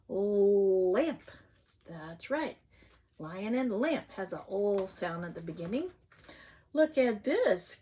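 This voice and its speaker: A woman reading an alphabet picture book aloud to young children, sounding out each letter and gasping with delight when she lifts the flaps. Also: medium pitch. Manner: slow, sing-song phonics sounding out, gasps at flaps. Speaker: children's read-aloud host.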